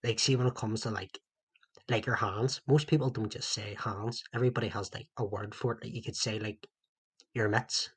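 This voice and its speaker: A man's voice: on the low side, steady tone, moderate pace, slightly rough. A man with a Northern Irish accent co-hosting a casual podcast chat with mates, telling sweary, banter-heavy stories. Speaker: podcast co-host.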